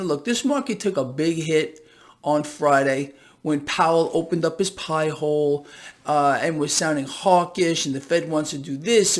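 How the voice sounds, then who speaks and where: Male vlog host, high-pitched, tired, exasperated and mocking, casual market rant. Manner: animated, exasperated, swears, mocks. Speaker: host of a market commentary channel.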